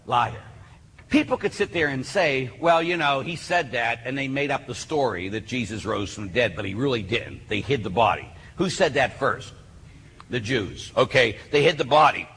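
A man's voice: medium pitch, pushed and bright, breathy edge. A man preaching a sermon with emphatic, insistent delivery to a live audience. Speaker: Catholic speaker. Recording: reverberant hall, faint noise.

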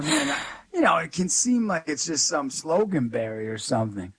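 Very animated and brisk, the man's slightly bright, higher-pitched voice carries his stories as a guest youth speaker. He acts out the people he quotes, telling each tale with energy and emphasis during the interview.

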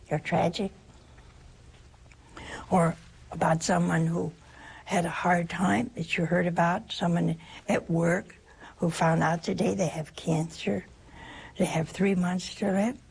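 Unhurried and taking long pauses, the older American sister speaks in a lowish, husky voice with vocal fry. Her informal spiritual talk is conversational, story-driven and softly humorous.

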